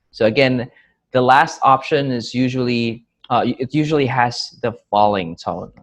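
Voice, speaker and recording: Speaking at normal speed and medium pitch, a man gives a clear, patient English grammar lesson. He acts out example questions using pronounced rising and falling intonation.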